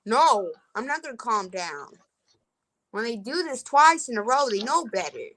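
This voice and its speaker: A woman's voice: fairly high pitch, expressive, measured pace, a bit bright, poor audio. A woman in her twenties venting bluntly in a casual open-mic rant. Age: 20s. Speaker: live-stream host.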